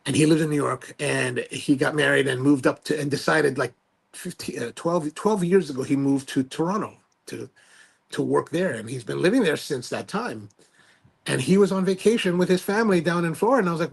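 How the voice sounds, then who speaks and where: Guy hosting a live chat at home, gravelly and a bit husky, kinda high voice, rambles and restarts. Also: a little fast. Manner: rambling and self-deprecating, with trailing restarts. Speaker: livestream host. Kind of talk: casual chat, reading viewer comments aloud.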